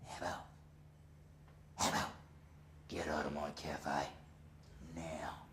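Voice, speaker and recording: A man voicing an angry middle-aged cafe owner who hisses low, menacing orders in a stage poem. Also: little pitch movement, slow, fairly bright tone, echoey room, full character voice. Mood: hissing.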